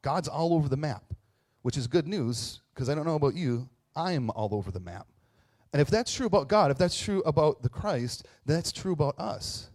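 A man's voice: on the high side, moderate pace. A man delivering a conversational sermon as a pastor, telling stories with joking asides and plenty of fillers. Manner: conversational, self-deprecating, lively storytelling with asides and fillers.

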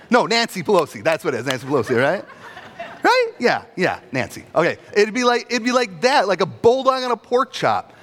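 A man's voice: fairly high pitch, big pitch swings, fairly quick, a bit bright, in a large hall. A male pastor preaching a sermon in a conversational, humorous way, often asking "right?".

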